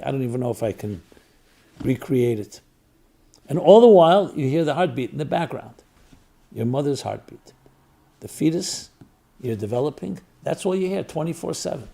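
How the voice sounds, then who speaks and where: Man, rabbi, reflective storytelling talk, warm, gravelly, repeats phrases in threes. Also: medium pitch. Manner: repeats phrases in triplets for emphasis. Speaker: rabbi and spiritual teacher.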